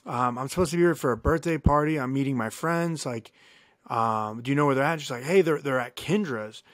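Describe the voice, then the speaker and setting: A man co-hosting a podcast, telling a long story in a casual, animated way, cursing freely and acting out what people said. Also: mid-range voice, fairly quick, no echo. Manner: animated, profane, acts out quoted dialogue. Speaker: podcast co-host.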